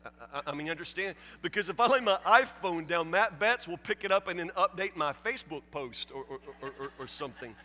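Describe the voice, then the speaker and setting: A man's voice: high-pitched, expressive, quick pace, hardly any pauses, sharp tone, in a large hall. A man preaching a sermon as pastor, asking rhetorical questions with frequent stammered repetitions and casual asides. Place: church sanctuary.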